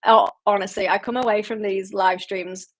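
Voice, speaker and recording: A woman's voice: medium pitch, steady tone, normal speed. A woman hosting a book club livestream, chatting casually and rambling, reading out viewer comments and laughing at herself.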